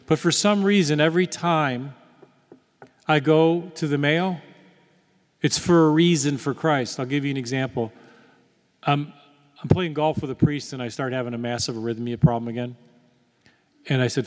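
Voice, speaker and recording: A man's voice: medium pitch, moderate pace. Man telling his story in a reverberant hall. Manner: storytelling, acts out quoted dialogue. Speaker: guest speaker. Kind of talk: testimony talk.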